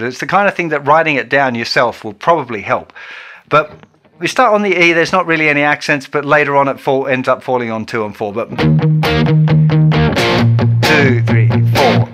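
Chatty male guitar teacher. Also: fairly high pitch. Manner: chatty, counts beats aloud while playing. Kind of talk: relaxed spoken guitar lesson. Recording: loud guitar under the voice. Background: electric guitar playing.

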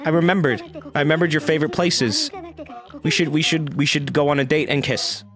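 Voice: mid-range voice, fairly quick, fairly bright tone. A game streamer giving casual, joking play-by-play and reading the game's dialogue aloud, swearing freely. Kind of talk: casual let's-play commentary.

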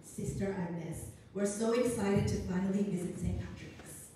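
A woman reading aloud and voicing a strict, formal immigrant mother who talks slowly and scolds in a hush, in an echoey room from a distance. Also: medium pitch, steady tone, a little hiss or hum, close to an everyday voice. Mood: polite. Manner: slow and formal, hushed scolding.

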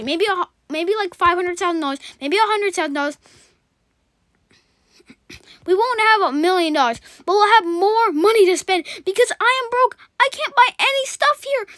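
A woman giving rapid, rambling, excitable commentary while playing a video game. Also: very high-pitched, no room sound, studio quality. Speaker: gaming channel host. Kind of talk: gameplay commentary.

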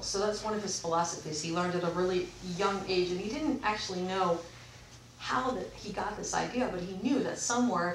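A woman's voice: mid-range voice, distant mic, slight background noise. A woman vlogger talking casually and reading aloud from books, rambling and often correcting herself. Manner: rambling, with frequent self-corrections. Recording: echoey room, away from the mic.

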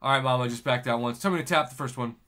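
Medium in pitch but extremely fast, the man cracks up while playing a mobile game on stream. He reads audience messages aloud in an easygoing, high-energy chat.

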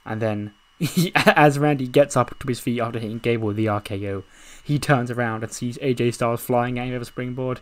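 A man narrating a wrestling management game in a casual, excited way, swearing and laughing as he goes. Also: medium pitch, brisk. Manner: excited, swearing, laughing at his own story. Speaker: video game commentator.

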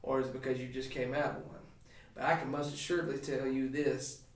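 A man's voice: medium pitch, a little fast, distant mic. Emphatic man preaching in an echoey room. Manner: animated, emphatic preaching with many restarts. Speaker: pastor. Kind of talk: podcast sermon talk.

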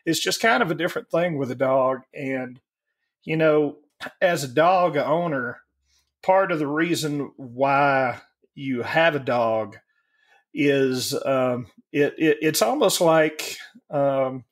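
A man in his forties musing crudely and slowly in a casual podcast chat. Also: mid-range voice. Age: 40s. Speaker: podcast co-host.

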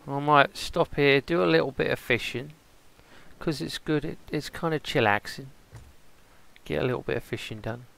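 A man's voice: fairly high pitch, moderate pace, vocal fry, a bit bright. A man playing an easygoing male pirate in a game role-play stream, rambling and musing aloud to himself. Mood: relaxed.

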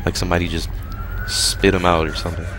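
A man's voice: low-pitched, flat delivery, quick pace, fairly bright tone, slight background noise. A man giving casual game walkthrough commentary, crude and joking, talking back to the game. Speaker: gaming commentator. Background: game music.

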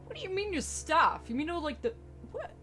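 A woman giving casual, excitable commentary while playing a video game, swearing and shrieking at what happens on screen. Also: very high voice, brisk. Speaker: let's play gamer. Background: game music.

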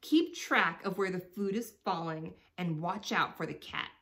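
A woman voicing a sharp-tongued, bossy female rat who hisses her scorn, slow and deliberate. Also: lowish voice. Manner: hissing, bossy.

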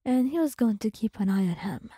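A woman narrating a story in whispered role-play, addressing the listener in a soft, hushed voice close to the mic. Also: on the high side, lively intonation, a little fast, slightly rough, dry recording.

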